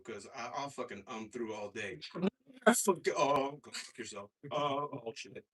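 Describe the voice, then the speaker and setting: A man performing a stand-up comedy set on a club stage, with a profane, halting delivery full of fillers. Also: mid-range voice, fairly bright tone, breathy edge. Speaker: stand-up comic. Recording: stage mic heard from afar.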